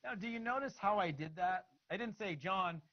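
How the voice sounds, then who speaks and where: A man giving an instructional talk on follow-up calls, acting out both sides of the conversations in an animated way. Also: high-pitched, fairly quick, dull audio. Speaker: network marketing trainer.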